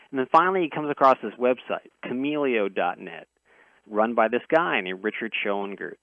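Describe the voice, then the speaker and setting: A man's voice: lowish voice, no room sound. Man telling a story over a tinny phone line. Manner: earnest, breaks off and restarts phrases. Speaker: interview guest. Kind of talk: first-person storytelling on radio.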